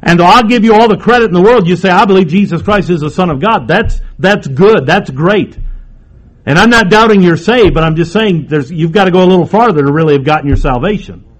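A man preaching a sermon, emphatic, moving between raised and hushed delivery. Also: high-pitched, animated, fairly quick.

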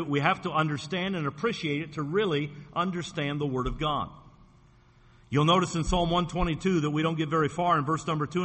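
A man preaching a Wednesday night sermon as pastor, slow and deliberate, stressing points with repetition. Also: a little high, a bit bright. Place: church sanctuary. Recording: long church hall reverb.

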